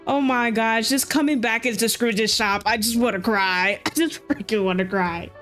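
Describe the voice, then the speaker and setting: A woman live streamer chatting casually and excitedly with her viewers while she plays, using lots of slang. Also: fairly high pitch, normal speed, faint music behind.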